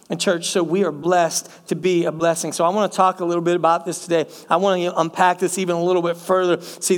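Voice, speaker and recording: A middle-aged male pastor preaching a sermon, calling the congregation "church" and repeating phrases for emphasis. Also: sits high. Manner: speaks directly to the congregation as church.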